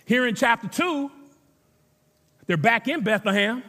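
A man with a notably high voice preaches to his congregation in a casual, talky way, leaning on repetition to drive his points home. His voice rings out with a long reverb tail, as if filling a big sanctuary. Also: expressive, unhurried, gravelly, sharp tone. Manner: conversational preaching with emphatic repetition. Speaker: pastor. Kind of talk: sermon.

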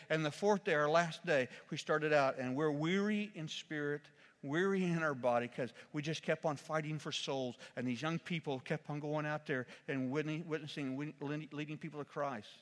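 A man preaching a sermon as an animated storyteller, jumping from loud exclamations to quiet, solemn asides. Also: a little high, in a large hall.

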